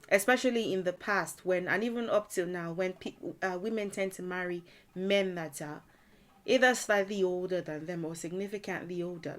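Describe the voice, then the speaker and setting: A woman gives a relaxed video language lesson in an easy, conversational tone. She fills her explanations with "you know" and laughs often as she works through examples. Her voice sits at an ordinary middle pitch. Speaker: language teacher.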